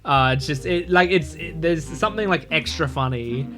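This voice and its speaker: A man's voice: a little high, moderate pace, over music. A man casually playing a mystery game, reading its text aloud and rambling through side stories. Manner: rambling, full of fillers and restarts.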